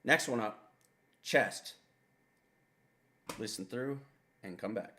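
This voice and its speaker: A man's voice: fairly low pitch, slow, pushed and bright, a little hiss or hum. A man hosting a music reaction video, talking in a laid-back, rambling and profane way. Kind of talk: casual album reaction commentary.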